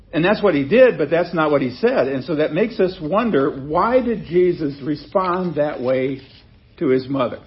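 A man preaches a sermon in a relaxed, conversational way, reading scripture and then breaking off to explain it in his own words. His voice sits a little high for a man. The recording sounds dull and lo-fi. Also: moderate pace. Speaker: pastor.

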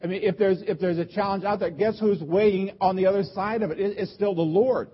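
A pastor delivering a sermon, earnest and emphatic, with repeated rhetorical questions. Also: male voice, sits high, fairly even intonation, a little fast, breathy edge, muffled recording.

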